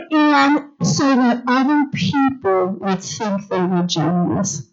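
A middle-aged woman teaching a Bible lesson in an animated sermon style, calling on the congregation to answer. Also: mid-range voice. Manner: animated, calls for congregation responses. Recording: dull lo-fi recording.

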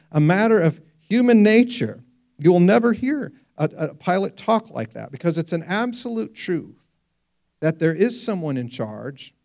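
A man preaching a sermon, telling stories with lively rhetorical questions. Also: high voice. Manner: animated storytelling, rhetorical questions. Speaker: pastor.

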